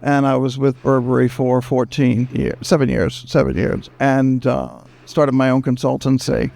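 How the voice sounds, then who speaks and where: A man from the United States moderating a panel, talking quickly and jokingly into a handheld microphone. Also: medium pitch, gravelly. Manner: animated, jokey, fast-talking. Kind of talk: lively panel talk. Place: screening event room.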